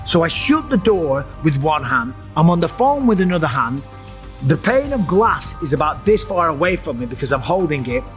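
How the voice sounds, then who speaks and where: A man's voice: a little high, normal speed, soft background music. A middle-aged man, telling a dramatic personal story as host and acting out his own cries and voices. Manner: animated, acts out his own screams and voices.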